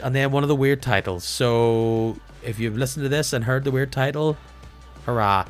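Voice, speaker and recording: A man's voice: medium pitch, normal speed, faint music behind. A man hosting a podcast, chatting casually and playfully as he signs off. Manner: chatty, lively sign-off with playful asides. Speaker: podcast host.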